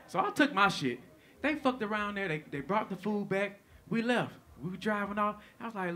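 A man doing stand-up comedy, telling a story in an animated, profane way and acting out the lines of people in it. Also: high voice, moderate pace. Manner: animated, profane, acts out quotes.

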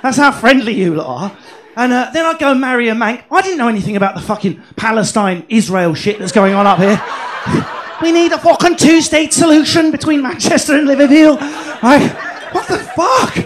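A man doing a stand-up comedy set in a comedy club, brash and sweary, telling animated stories. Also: extremely high pitch, moderate pace.

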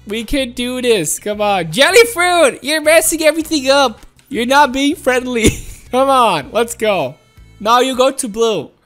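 A woman giving casual gameplay commentary, playful and coaxing her teammates, often laughing. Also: a little high. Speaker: gaming commentator.

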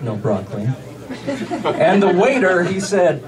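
A man doing a stand-up comedy set, delivering deadpan one-liners with pauses for laughs. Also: fairly high pitch. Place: comedy club stage with a laughing audience. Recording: distant club recording with loud crowd noise.

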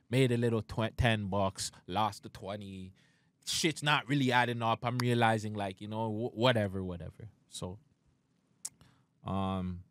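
A man co-hosting a podcast, telling a story in casual, profane chat and loudly acting out the quotes. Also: fairly low pitch, slight background noise. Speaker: podcast co-host.

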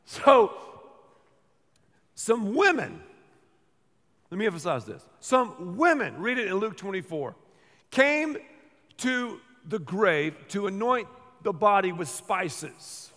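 A man with a high, bright voice preaches to a congregation, playful and animated as he acts out the people in the story. His voice rings out with a long echo, like in a big auditorium. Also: a little slow. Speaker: pastor. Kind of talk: sermon with live painting.

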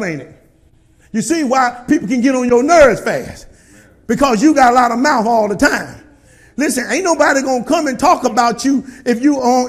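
A middle-aged male pastor preaching a sermon to his congregation in a church, calling for responses and often shouting. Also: very high-pitched.

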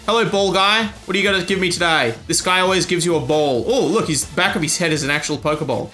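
A man's voice: sits high, fast talker, few pauses, sharp tone. A man giving crude, joking let's-play commentary over a video game. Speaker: YouTube gamer.

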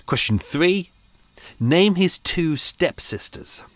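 A man's voice: fairly high pitch, lively intonation, takes it slowly, no room sound. A male podcast host with a British accent, chatting casually and mocking himself, sometimes drifting from the mic as he moves around his home. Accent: British English. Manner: chatty, self-mocking, rambling asides. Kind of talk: casual chat. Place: home studio.

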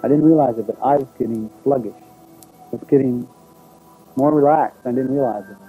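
A man telling his own experience in a documentary, recalling it in halting, unpolished speech with restarts. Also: mid-range voice, husky, narrow, tinny audio, faint music behind. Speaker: eyewitness recounting his experience. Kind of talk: first-person testimony in a documentary.

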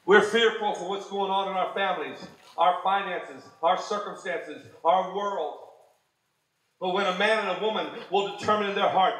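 Fervent preacher in echoey hall. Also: male voice, moderate pace. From United States. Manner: fervent, swings from shouts to low asides. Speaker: pastor. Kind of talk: sermon. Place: church sanctuary.

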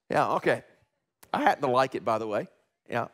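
A man preaching a sermon in a church, animated, acting out quoted questions in a rising voice. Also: high-pitched, quick pace. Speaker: pastor. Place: church sanctuary, live broadcast.

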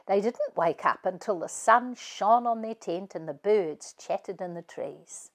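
Slow expressive woman storyteller. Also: medium pitch. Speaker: author reading her book. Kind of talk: family read-aloud narration.

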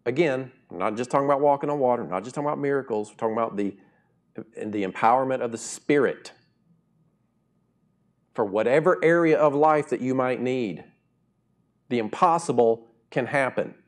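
A middle-aged man preaching a sermon in a casual, conversational way, swinging from quiet, slow asides to loud, high emphatic bursts. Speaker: pastor.

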